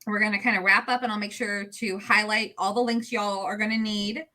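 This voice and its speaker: A woman's voice: mid-range voice, steady tone, fairly quick, bright, forceful tone. A woman hosting a casual video-call livestream, friendly and chatty. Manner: friendly, chatty, laughs easily. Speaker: livestream host.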